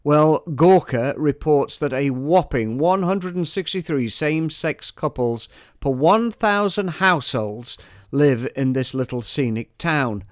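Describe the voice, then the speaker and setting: A man's voice: a little high, lively intonation, a little slow, no echo, clean studio sound. A man reading his own poem aloud, with mock-formal, provocative commentary around it. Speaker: poet. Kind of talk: spoken-word poetry reading with commentary.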